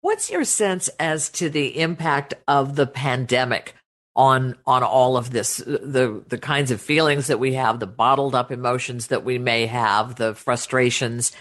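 A woman's voice: a bass voice, a little slow, a bit bright. A woman interviewing a guest and asking direct, inquisitive questions.

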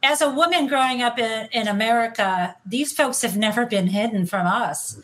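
A woman on a political panel with a slightly high voice. She cuts into the conversation earnestly to make her point. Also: normal speed. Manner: earnest, cutting in. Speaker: panel guest.

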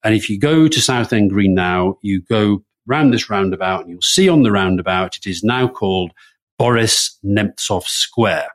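Male podcast co-host, lowish voice, lively amused storyteller in relaxed chat. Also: normal speed, hardly any pauses. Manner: animated anecdotal storytelling, amused. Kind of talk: casual political chat.

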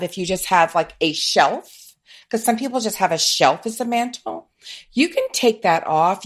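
A woman in a casual home-decor chat, talking eagerly, laughing often and restarting her sentences. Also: lowish voice.

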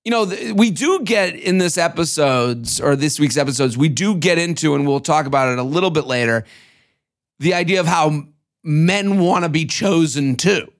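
Guy with a high voice cohosting a podcast, animated, swears a lot, does little voices for quotes. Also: moderate pace. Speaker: podcast co-host. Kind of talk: casual chat recapping a reality show.

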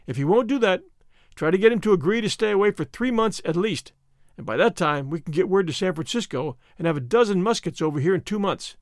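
A man voicing a bold, commanding young male leader in an audiobook, forceful and quick to excitement. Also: high-pitched, dry recording, clean studio sound. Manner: forceful, rising to excited outbursts. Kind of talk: audiobook character reading.

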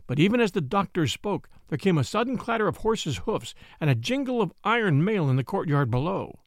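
Man, storybook narrator, high lively voice, gravelly texture. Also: brisk, few pauses, no room sound, studio quality. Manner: old-fashioned, expressive reading.

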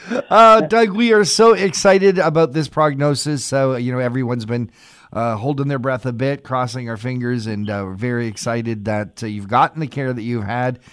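A man's voice: medium pitch, normal speed, fairly bright tone, smooth, dry recording, clean studio sound. A man hosting a morning radio talk show, upbeat and friendly with his guest.

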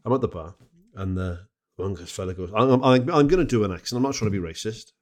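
A man's voice: on the low side, fast talker. A man hosting a podcast, telling comic anecdotes with lots of asides. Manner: animated, rambling anecdotes with asides. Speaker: podcast host. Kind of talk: comic storytelling.

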